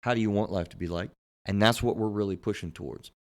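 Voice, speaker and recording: A man who is a therapist, hosting a casual podcast conversation and talking with frequent repeats and restarts. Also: lowish voice. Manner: halting, repeats words and restarts often.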